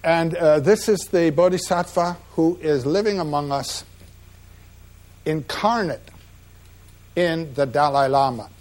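Reflective man lecturing in a higher voice. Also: a little mellow. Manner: measured, reflective, with frequent pauses and "uh" fillers. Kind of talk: lecture describing slides.

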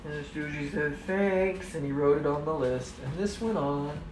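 A woman's voice: low voice, brisk, roomy sound, far from the mic, noisy background. A mother telling her children an improvised, rambling story in a playful way, laughing as she goes.

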